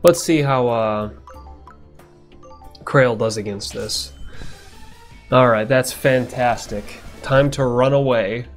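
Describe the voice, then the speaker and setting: A man's voice: medium pitch, slow pace, long pauses, soft background music. A man giving casual, rambling let's-play commentary, swearing now and then and chuckling to himself. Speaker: gameplay commentator.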